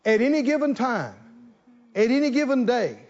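A man preaching a sermon as the pastor, with animated call-and-response delivery. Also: extremely high pitch, moderate pace, lo-fi sound.

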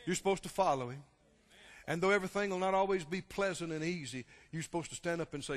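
A man preaching a sermon, impassioned, swinging between loud exclamations and quiet, low passages. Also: fast. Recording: long hall reverb.

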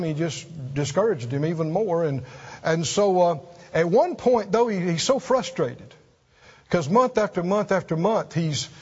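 A man preaching a sermon, earnest and emphatic, often repeating words and climbing high to stress a point. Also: a little mellow, husky. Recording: dull sound in a reverberant hall.

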